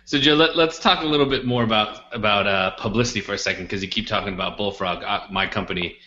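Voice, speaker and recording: A man interviewing a guest, asking questions in a halting way with hesitant restarts. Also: on the low side, sharp tone. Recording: dull, echoey room sound.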